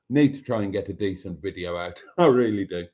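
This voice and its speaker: A Welsh-born man with a Birmingham accent hosting a casual livestream, chatty and jokey, reading out viewer comments and often clearing his throat. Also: sits low, expressive, normal speed, a little mellow. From Wales. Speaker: livestream host.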